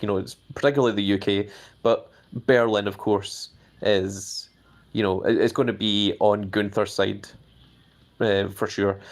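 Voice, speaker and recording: A man hosting a live stream. He chats casually, fills his talk with hedges, and his pitch jumps up whenever he reads out viewer comments. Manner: hedging with many fillers.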